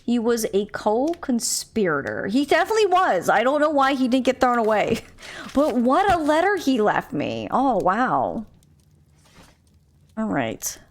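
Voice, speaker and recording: A woman's voice: a little high, sing-song, moderate pace. A woman streaming a mystery game, chatting casually, reading game text aloud and musing, and stumbling over hard names.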